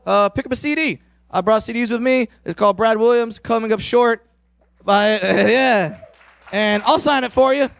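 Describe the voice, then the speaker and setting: A man with a high, creaky voice does a brash, crude stand-up set on a comedy club stage, working the crowd and teasing audience members. The recording is dry, with no room sound.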